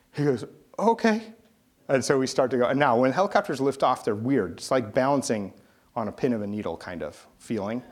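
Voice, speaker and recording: A man preaching a sermon, telling a story with acted-out quotes and sound effects. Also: medium pitch. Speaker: pastor.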